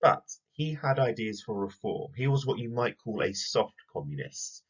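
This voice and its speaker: A man teaching a recorded history lesson to pupils, explaining clearly and speaking to them directly. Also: medium pitch, sing-song, moderate pace, dull audio.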